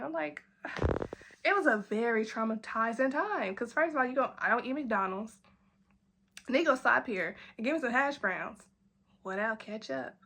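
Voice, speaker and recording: A young woman, telling a storytime in a casual, animated way, jumping into high voices for quotes and laughing as she goes. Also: moderate pace.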